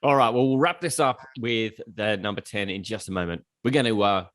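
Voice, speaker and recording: A man's voice: on the low side, a little fast, fairly bright tone, dry recording. An Australian man hosting a fantasy football podcast, leading the chat in a playful, teasing way. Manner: playful, teasing, steers the talk. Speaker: podcast host.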